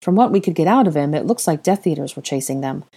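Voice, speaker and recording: A woman voicing a steady, matter-of-fact young man who explains things evenly, in a fan fiction audiobook. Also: sits low, fast talker, vocal fry, slightly rough, full character voice. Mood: explaining.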